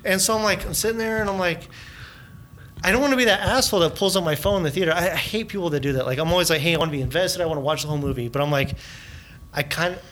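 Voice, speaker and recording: A man co-hosting a casual podcast, recounting a story in an animated way. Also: very fast, a little hiss or hum. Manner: animated, quotes himself in a higher voice. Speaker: podcast co-host. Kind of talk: casual chat.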